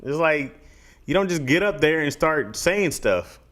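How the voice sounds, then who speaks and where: A man's voice: on the high side, animated, a little slow, a bit bright. A man co-hosting a casual podcast, talking bluntly and repeating his points for emphasis. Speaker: podcast co-host. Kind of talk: casual chat.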